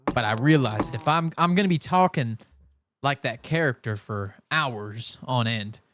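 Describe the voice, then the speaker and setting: A young man from California streaming a game, chatting in a rambling way and talking with a soft put-on Southern cowboy drawl. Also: mid-range voice, expressive, measured pace, no room sound. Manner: rambling, chatty, self-interrupting. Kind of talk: casual live-stream chat while gaming.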